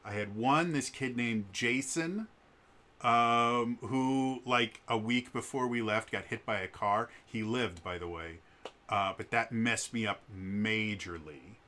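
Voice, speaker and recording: A man's voice: medium pitch, slow, pushed and bright. A man in his thirties telling a personal story in a casual, hesitant way, with frequent stammers and restarts. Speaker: vlogger.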